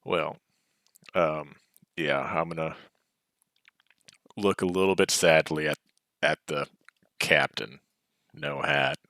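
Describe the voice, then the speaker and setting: A man's voice: very deep voice, lively intonation, slow, creaky, long pauses, sharp tone, no echo, studio quality. A man playing a tabletop game, chatting casually and making wry, joking asides. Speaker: player.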